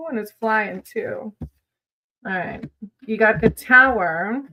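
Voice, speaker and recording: Bright, giggly woman streamer. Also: medium pitch, takes it slowly, long pauses, a little hiss or hum, poor audio. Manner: chatty, giggly, lots of fillers, calls viewers sweetie. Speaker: livestream host giving tarot readings. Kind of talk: casual livestream chat with viewers.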